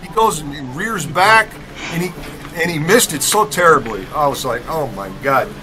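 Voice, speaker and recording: On a rough recording, a middle-aged podcast guest from Rockford, Illinois talks at normal speed in a fairly high voice. He emphatically and animatedly recalls his college basketball years, frequently tagging sentences with "okay?".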